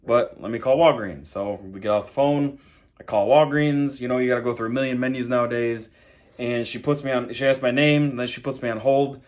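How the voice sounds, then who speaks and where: A man at home recording a casual vlog, telling a story at length. He rambles, with lots of "I'm like" and "you know". His voice sits at an ordinary middle pitch for a man. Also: steady tone, a little fast. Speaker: vlogger. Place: home, dogs in the background.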